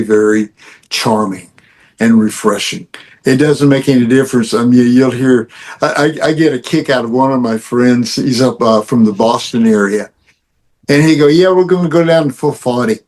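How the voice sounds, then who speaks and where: A man in his seventies with a Texan accent, a guest musician telling stories in casual chat and acting out the voices of the people in them. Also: medium pitch. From Texas. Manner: animated storyteller, acts out quotes.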